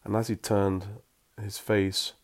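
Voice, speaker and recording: Man, very deep voice, story reading, wry asides. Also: level tone, slow pace. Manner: wry, self-mocking asides.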